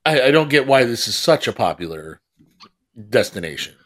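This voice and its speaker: A man co-hosting a chatty podcast, full of wry, grumbling complaints that he plays up for laughs. His voice swings widely in pitch as he talks, leaning on exaggeration and mock outrage. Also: big pitch swings, normal speed. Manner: sardonic, complaining, playfully exaggerated. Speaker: podcast co-host. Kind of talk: casual chat.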